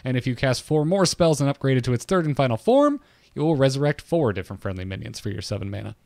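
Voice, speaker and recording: A man's voice: mid-range voice, animated, quick pace, creaky, a little mellow, no room sound. A man hosting a casual podcast, reading out details and making dry, sarcastic jokes. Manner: wry, sarcastic, reads card text aloud. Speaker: podcast host.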